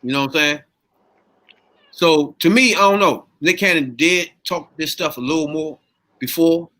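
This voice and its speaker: A man hosting a casual podcast chat, telling the story in an animated way and steering the topic. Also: a little high, normal speed.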